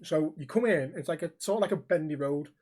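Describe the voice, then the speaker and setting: A man co-hosting a podcast, telling a story in casual chat, animated and swearing freely. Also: on the high side, fast. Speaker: podcast co-host.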